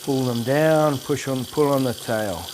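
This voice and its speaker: A man's voice: mid-range voice, unhurried, noisy background. A middle-aged man, cooking a curry at home and cracking dry jokes. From England. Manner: wry, joking, hesitant with fillers. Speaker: home cook, biker club president. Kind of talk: casual cooking demonstration.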